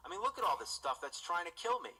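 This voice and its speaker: An actor playing a foul-mouthed, exasperated game critic, ranting incredulously through a scripted comedic review. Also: male voice, high-pitched, very animated, fast, a crowd in the background, low-quality recording.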